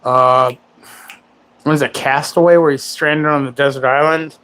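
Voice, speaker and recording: A man's voice: on the high side, fairly even intonation, normal speed, fairly bright tone, clear, resonant tone. A man in his forties hosting a livestream. He rambles in casual chat and makes crude, self-mocking jokes. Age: 40s. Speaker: livestream host.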